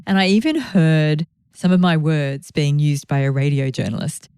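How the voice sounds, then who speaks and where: A woman's voice: deep voice, normal speed, darkish tone, smooth, no room sound, clean studio sound. A woman hosting a podcast, talking in a reflective, conversational way with grateful asides. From Australia. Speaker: podcast host. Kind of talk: reflective solo podcast talk.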